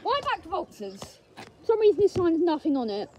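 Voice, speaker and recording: High, lively young woman vlogging at a zoo. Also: a little fast, highs cut off. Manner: playful, greets the animals in a sing-song voice. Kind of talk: casual chat. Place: outdoor zoo. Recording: outdoor crowd chatter behind.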